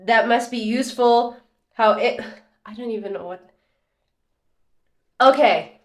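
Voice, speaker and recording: A woman in her thirties chatting casually at home as a beauty vlogger, telling stories in an animated, laughing, dramatic way. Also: a little high, unhurried. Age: 30s. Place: indoors at home. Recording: roomy echo.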